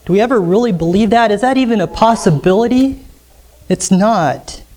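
A man preaching a sermon as pastor, emphatic and rising sharply on key lines, slowing down when quoting scripture. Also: high-pitched, lively intonation, a little mellow, a little hiss or hum. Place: church sanctuary.

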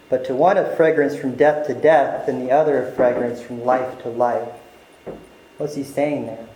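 A man with a somewhat high voice gives an emphatic sermon. He acts out quoted lines with extra force. The sound rings around a roomy church hall. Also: a little mellow. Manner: emphatic preaching, acting out quotes with a raised voice. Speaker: pastor.

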